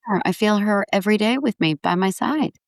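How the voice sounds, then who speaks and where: A woman's voice: mid-range voice, fast, no echo, clean studio sound. A woman in her forties, a guest on a podcast interview, talking in an upbeat, earnest way. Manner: upbeat, earnest, acts out quotes brightly. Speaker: guest, foundation founder.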